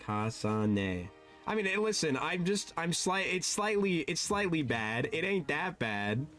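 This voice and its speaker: A man streaming a game, chatting casually and sounding animated and flustered, his voice jumping high and dropping low. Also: moderate pace, soft background music. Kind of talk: casual live-stream chat.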